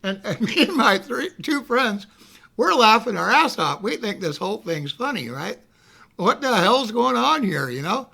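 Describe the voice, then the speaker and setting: A middle-aged man rambling through a casual anecdote, often adding "you know what I mean" and loudly acting out what people said. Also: high-pitched, very animated, normal speed, vocal fry. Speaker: storyteller.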